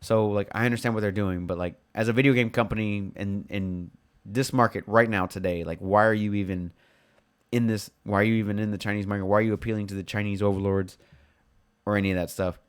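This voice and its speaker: A man's voice: lowish voice, fairly even intonation, fast, clean tone. A young man co-hosting a podcast, talking bluntly in casual chat and swearing freely. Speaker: podcast co-host.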